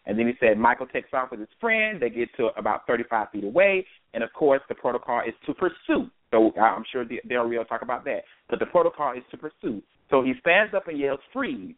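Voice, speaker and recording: A man's voice: mid-range voice, very animated, fast talker, few pauses, no echo. A man hosting an online call reads a report aloud, his mid-range voice broken by fillers and false starts. The sound is thin and phone-like, with no room around it. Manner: hesitant, with frequent fillers and restarts. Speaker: host. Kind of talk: reading a news account aloud and commenting. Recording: dry phone-line call audio.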